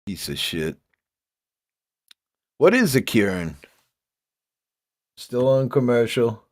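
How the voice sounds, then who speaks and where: Slow-talking toothless man on a livestream. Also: mid-range voice, sing-song, dry recording, studio quality. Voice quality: toothless, gummy speech. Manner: chatty, laughs often, reads comments aloud. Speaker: livestream host reading chat. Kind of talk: casual livestream chat.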